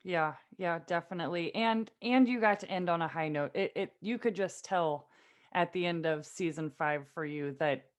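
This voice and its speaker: A woman with a fairly low voice hosts a casual podcast interview. She is friendly and quick to laugh, and she asks her guest long, easygoing questions. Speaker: podcast host.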